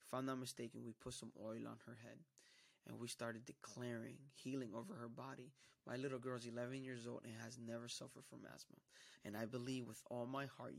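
A man with a gravelly voice gives a personal testimony in church. He tells it emphatically and acts out what others said to him. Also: medium pitch, little pitch movement, a little fast. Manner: emphatic storytelling, acting out quoted dialogue. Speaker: church member giving a testimony.

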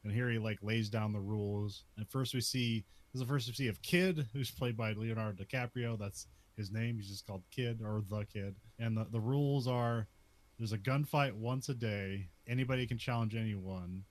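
A man's voice: on the low side, normal speed. A man casually recapping a western movie scene by scene, laughing often and filling his talk with "like". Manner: laughs often, many "like" fillers.

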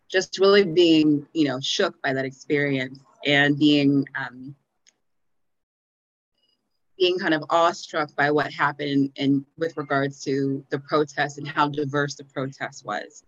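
A woman's voice: very deep voice, fairly bright tone, no room sound. A woman guest on a podcast interview, explaining in long, earnest, flowing sentences. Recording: dull dry lo-fi sound.

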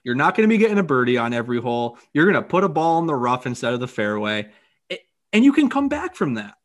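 A man's voice: mid-range voice, sing-song, fast talker. A man in casual chat as a podcast co-host, teasing and giving advice.

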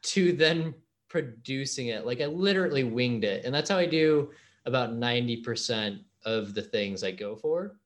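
Upbeat podcast host, mid-pitched voice. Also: male voice, lively intonation. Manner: upbeat, quick to react with slang like "sick". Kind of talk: casual interview chat.

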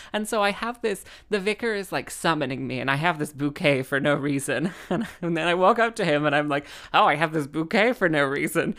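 A woman's voice: low-pitched, a bit bright. A woman, a musician telling a rambling comic story, full of fillers and exasperation.

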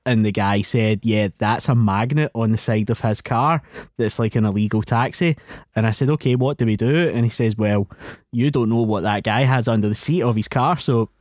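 A man co-hosting a podcast, telling an anecdote in a relaxed, steady, matter-of-fact way. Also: fairly low pitch, normal speed, no echo, clean studio sound. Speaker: podcast co-host. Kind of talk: casual chat over beers.

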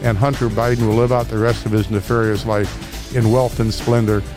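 Combative talk radio host. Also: male voice, fairly low pitch, little pitch movement, moderate pace, music in the background. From St. Louis, Missouri. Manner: combative, sarcastic, mocking impressions. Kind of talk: political talk radio monologue. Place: radio studio.

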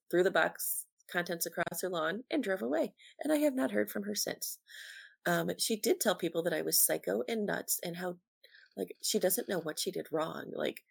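Young woman, early twenties, gravelly, lower voice, casual storytelling, lots of "like". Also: no room sound. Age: early 20s. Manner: chatty, lots of "like", acts out quotes.

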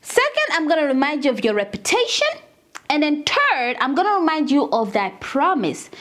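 A woman's voice: high-pitched, very animated, moderate pace, fairly bright tone. A woman voicing Moses, a bold pleading prophet. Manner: emphatic, pleading.

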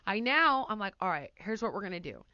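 A woman hosting a podcast, telling a story in casual chat, animated and acting out quotes loudly. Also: medium pitch, brisk, no room sound, highs cut off. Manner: animated, breaks into laughter, acts out quotes loudly. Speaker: podcast host.

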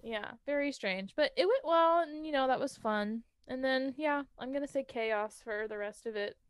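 A woman's voice: high voice, moderate pace, clean tone, dry recording, clean studio sound. A young woman, a music student, chatting casually, laughing often and trailing off with fillers. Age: young adult. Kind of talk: casual chat.

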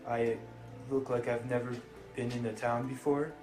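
A man's voice: medium pitch, little pitch movement, normal speed, natural voice. A man doing a hulking tribal warrior. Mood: gruff. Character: huge gruff male tribal warrior with giant sword. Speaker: player. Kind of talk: tabletop game role-play. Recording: echoey room, guitar music behind.

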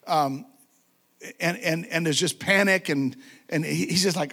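High-voiced, fervent preacher. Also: male voice, a little fast, a bit bright. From United States. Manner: fervent, conversational preaching with frequent repetition and asides; laughs often and acts out quotes. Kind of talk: sermon.

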